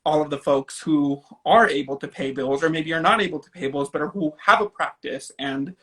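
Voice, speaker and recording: A man's voice: a little high, a little fast, sharp tone. A man from Napa, California, interviewing an artist in a casual conversation, speaking thoughtfully with fillers and tag questions. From Napa, California, USA.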